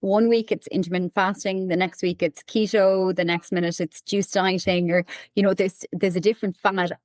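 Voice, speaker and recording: A woman doctor answering interview questions in a measured way, often saying "I suppose". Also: fairly low pitch, level tone, no echo, clean studio sound. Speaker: doctor guest.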